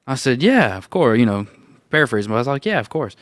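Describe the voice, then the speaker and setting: A man on a roundtable show telling a personal story in a casual, animated way, acting out the voices of the people he quotes and laughing now and then. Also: mid-range voice, fast, dry recording, clean studio sound. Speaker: roundtable co-host.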